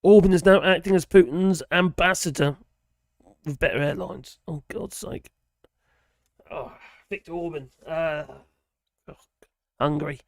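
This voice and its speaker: Male streamer, hoarse and gravelly, casual rambling host who chuckles and trails off. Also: on the high side, measured pace, pauses often, no room sound, studio quality. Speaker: livestream host reading viewer chat. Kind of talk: casual live-stream chat.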